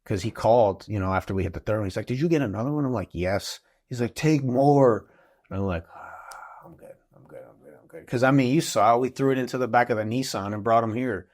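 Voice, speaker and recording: Low-voiced man telling a hunting story. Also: quick pace, few pauses. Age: adult father of school-age kids. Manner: animated, acts out quotes in the story. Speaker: podcast guest. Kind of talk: casual storytelling.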